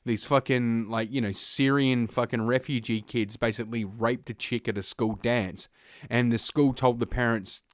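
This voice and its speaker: A man's voice: medium pitch, steady tone, moderate pace, no room sound, studio quality. A man who hosts a podcast, reads news items aloud and breaks off into blunt, profane, scornful rants full of uhs. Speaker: podcast host. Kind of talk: reading news aloud with ranting commentary.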